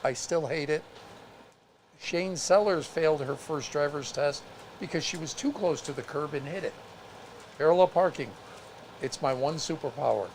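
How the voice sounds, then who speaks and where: Male co-host, somewhat high-pitched, halting and restarting, with noisy live-stream audio. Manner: halting, restarts often, reads viewer comments aloud. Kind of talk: casual live-stream chat.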